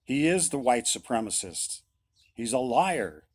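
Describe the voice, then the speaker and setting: A man's voice: medium pitch, big pitch swings, measured pace, breathy edge. A middle-aged man, a musician, giving a blunt, insistent opinion monologue and repeating his points.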